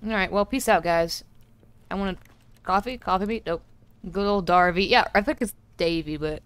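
Streamer woman, chatty play-by-play, slightly low voice, home setup. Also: moderate pace, smooth, dry recording. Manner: chatty, joking to herself and chat. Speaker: game streamer. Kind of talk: casual game commentary. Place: home room.

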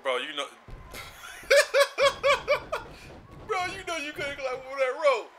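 A young man giving casual gameplay commentary, excitable and trash-talking, often laughing. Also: extremely high pitch, fast talker, a little hiss or hum. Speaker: gaming channel host.

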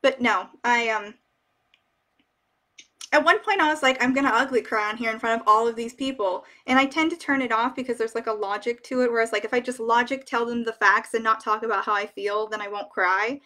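A woman's voice: on the high side, steady tone, a little fast, sharp tone. A young woman hosting a casual live stream, reading viewer comments aloud and chatting emotionally with many fillers. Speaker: wig shop ambassador hosting a live stream.

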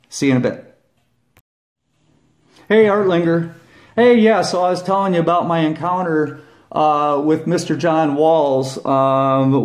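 A middle-aged man, a former police officer, telling a long rambling story to camera, repeating "okay?" and "I said" and raising his voice when he acts out his own past shouts. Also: fairly high pitch. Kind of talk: casual monologue to camera.

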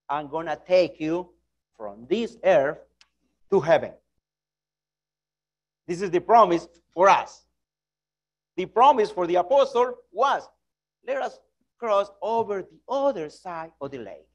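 Slow earnest preacher with high voice. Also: male voice, lo-fi sound. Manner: earnest, self-correcting, non-native phrasing. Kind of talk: sermon.

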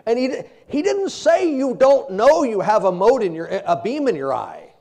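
A man's voice: very high voice, normal speed, creaky, few pauses. A man preaching a sermon with humor, telling everyday stories, laughing often and quoting old-fashioned scripture. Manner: humorous, animated storytelling with frequent laughter.

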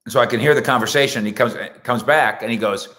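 A man's voice: mid-range voice, quick pace, bright, forceful tone. A man hosting a sports talk show, rambling through jokey stories and asides in a casual monologue. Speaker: sports radio and web show host. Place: indoors at home.

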